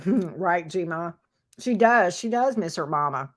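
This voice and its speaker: A woman's voice: fairly low pitch, expressive, slow. A middle-aged woman, casually chatting with viewers on her livestream, answering their comments and talking to her dog from her home office. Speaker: tarot reader and livestream host.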